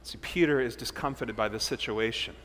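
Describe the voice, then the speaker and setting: A man preaching a sermon as pastor, swinging between loud emphasis and hushed, low passages. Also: brisk, big-room sound, slight background noise.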